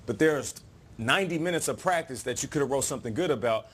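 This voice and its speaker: A man who once played the game debates on a studio sports panel, quick and insistent. His pitch swings widely as he presses his case. He cuts in to challenge the other side. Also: slightly rough. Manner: animated, argumentative, cuts in. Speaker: former player turned analyst.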